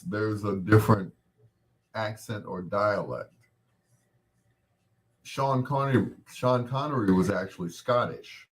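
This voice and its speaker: A man around 60 hosting a casual chat, rambling in a relaxed way and greeting viewers by name. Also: lowish voice. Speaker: host.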